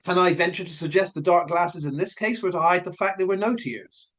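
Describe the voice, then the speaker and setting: A man's voice: high voice, fairly quick, a bit bright. A man giving casual spoken commentary, asking questions and speculating, repeating his points as he goes. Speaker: commentary vlogger.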